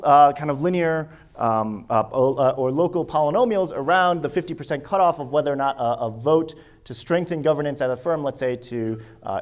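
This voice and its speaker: Man hesitantly presenting research. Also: mid-range voice. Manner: hesitant, with frequent restarts and fillers; walks listeners through slides and results. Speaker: academic conference presenter. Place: conference session room.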